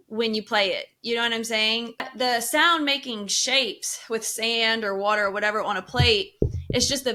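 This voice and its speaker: A woman co-hosts a casual podcast in a bright, slightly high voice. She speaks emphatically and keeps checking in with her listener as she talks. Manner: emphatic, keeps asking "you know what I'm saying". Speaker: podcast co-host.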